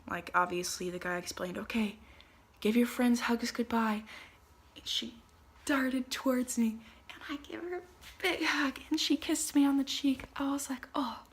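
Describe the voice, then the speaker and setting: A young woman recounts her travel days in a loose, chatty vlog voice. Her tone sits at a middle pitch with a gravelly fry running through it. She keeps stories moving with plenty of fillers and animated asides. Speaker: vlogger. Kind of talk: casual storytelling to camera. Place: travel spots in Italy, some clips outdoors.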